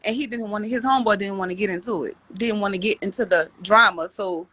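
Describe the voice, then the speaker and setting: Bright rambling woman telling her story. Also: medium pitch, fast talker. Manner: rambling, frequent restarts and repeated words. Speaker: podcast guest. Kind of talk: candid personal storytelling.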